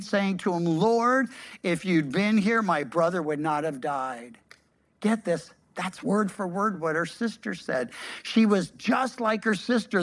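A pastor preaching a sermon, reading scripture aloud and breaking in with lively, slangy asides. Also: medium pitch.

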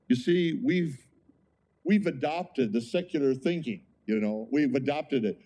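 A male preacher delivering a sermon in a mellow, warm voice at a medium pitch. He speaks with emphasis and in a conversational way, often checking in with the congregation through rhetorical questions. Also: unhurried. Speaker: pastor.

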